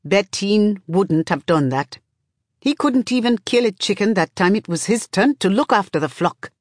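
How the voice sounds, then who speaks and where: A woman's voice: mid-range voice, expressive, normal speed, darkish tone, dry recording, clean studio sound, natural voice. A woman reading an audiobook voices a tense, angry woman leader who scolds bluntly through a tight jaw. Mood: firm insistence.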